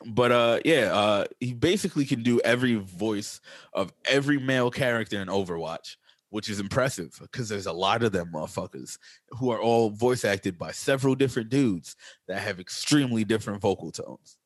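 A man with a fairly low voice co-hosts a podcast in a casual, joking way, trading banter and laughing easily. His voice is recorded close and dry, with no room echo. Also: normal speed. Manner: laid-back, joking banter with frequent laughs. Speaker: podcast co-host. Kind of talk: casual chat.

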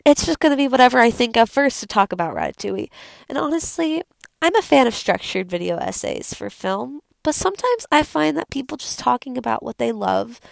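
A woman's voice: a little high, animated, fairly quick, vocal fry, no room sound, clean studio sound. A young woman hosting her own video, talking casually and rambling about a film she loves, with many fillers. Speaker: video host. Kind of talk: casual unscripted film talk.

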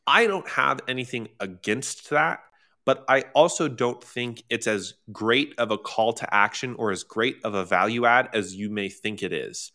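Man with a bright, forceful voice as a chatty workshop host, animated, lots of fillers and restarts. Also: normal speed. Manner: animated, with sudden high-pitched exclamations. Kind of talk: casual workshop talk.

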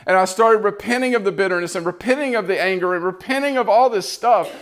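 A man's voice: high-pitched, fast. A man giving an impassioned, earnest sermon testimony, repeating phrases as he builds.

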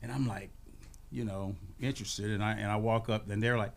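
A man in his sixties telling lively, laughing stories as a guest on a radio morning show, acting out voices as he goes. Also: lowish voice, fairly quick, creaky, heavy background noise. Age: 60s. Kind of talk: casual storytelling on a radio show.

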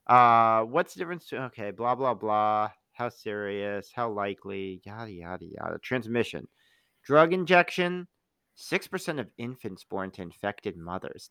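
Rambling jokey man with lively pitch. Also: normal speed, clean tone, dry recording. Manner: rambling, jokey, slips into silly impressions. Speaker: podcast co-host. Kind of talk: casual chat about a TV show.

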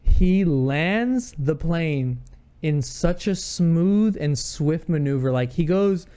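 A man chatting casually, telling an animated story full of restarts and swearing. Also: on the high side, slow, clean tone. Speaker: podcast co-host telling a story. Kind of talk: casual chat.

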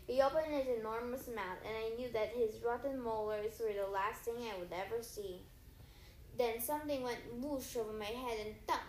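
A woman reading a story aloud in first person, lively, with small stumbles and self-corrections. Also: a little high, moderate pace, reverberant, slight background noise, low-quality recording. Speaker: audiobook reader.

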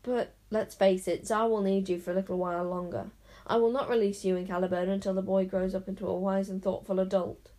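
A woman's voice: medium pitch, little pitch movement, brisk, few pauses, mellow, lightly acted. A woman voicing a proud, stern male enchanter in a storybook reading, declaiming grandly.

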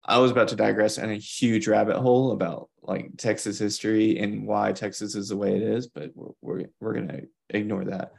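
Low gravelly guy on a podcast, rambling thoughts out loud, casual. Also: level tone, a little fast, hardly any pauses. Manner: musing, thinks aloud in long winding asides. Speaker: podcast co-host. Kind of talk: casual chat.

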